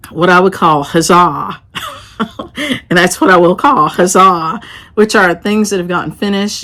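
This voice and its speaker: Middle-aged southern appalachian lady rambling on about her stitching, lowish voice, lots of ums. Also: fairly bright tone. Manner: rambling, chatty, with laughs and "um"s. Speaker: shop owner and stitching vlogger. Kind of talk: casual chat to camera.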